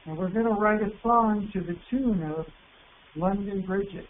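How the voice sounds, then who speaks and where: A man presenting an online teacher workshop, patient and encouraging, reading words out slowly. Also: high voice. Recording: tinny phone-like line with faint hiss.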